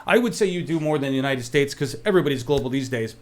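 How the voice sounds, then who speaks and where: A man co-hosting a casual web show, talking in an animated, jokey and opinionated way. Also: medium pitch, fast talker. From Oregon. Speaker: show co-host.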